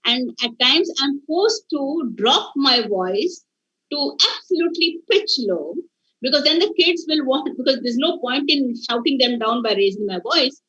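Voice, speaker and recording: A woman's voice: high voice, lively intonation, a little slow, a bit bright, slightly rough. A woman lecturer teaching an online faculty workshop, talking her class through ideas and asking them rhetorical questions. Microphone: video call. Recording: dull lo-fi video call audio.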